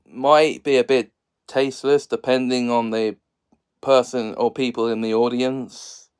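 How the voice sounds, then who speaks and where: A man's voice: mid-range voice, flat delivery, measured pace, clear, resonant tone. A man hosting a casual solo video, jokey and sarcastic, laughing often between lines. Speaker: video host.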